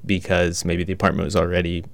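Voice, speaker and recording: A man's voice: sits low, monotone, quick pace, gravelly, no room sound. A man hosting a podcast, asking curious, probing questions. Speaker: podcast host. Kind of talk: interview questions.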